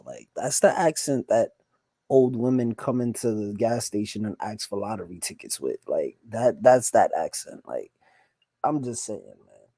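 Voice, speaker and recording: A man's voice: fairly low pitch, warm tone, husky, no echo. Blunt joking man reacting live, dry sound. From United States. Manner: blunt, joking, drawn-out slang delivery. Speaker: streamer reacting to videos. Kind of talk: casual live reaction commentary. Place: home at night, son asleep nearby.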